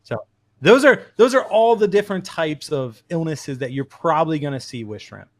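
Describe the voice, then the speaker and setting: A man who is a podcast guest, explaining things in a friendly, casual way with quick asides. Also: fairly high pitch, lively intonation, no room sound. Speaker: podcast guest, shrimp breeder.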